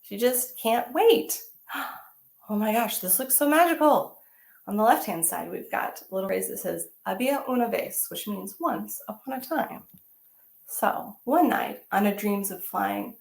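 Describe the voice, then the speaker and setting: A woman teaching artist reading a picture book aloud to children, animated and exclamatory, often asking them questions. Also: medium pitch, moderate pace, vocal fry, reverberant.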